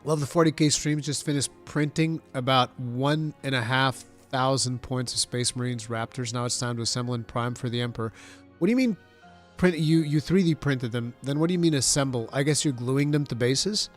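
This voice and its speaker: A man casually chatting on his stream while building models, his voice nasal and stuffy from allergies, telling stories in an animated, swearing way. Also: mid-range voice, fairly quick, faint music behind. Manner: animated, profane storytelling.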